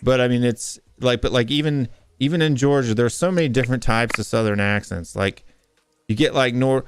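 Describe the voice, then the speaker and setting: A man's voice: medium pitch, fairly quick, background noise. A man from the American South co-hosting a casual call-in show, rambling with many restarts and fillers.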